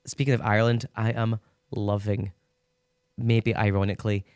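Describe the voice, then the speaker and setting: A man's voice: fairly low pitch, flat delivery, moderate pace, darkish tone, clear, resonant tone, no echo. Chatty Scottish man, dry studio sound. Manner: chatty, laughs often, playful asides. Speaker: podcast co-host. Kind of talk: casual chat.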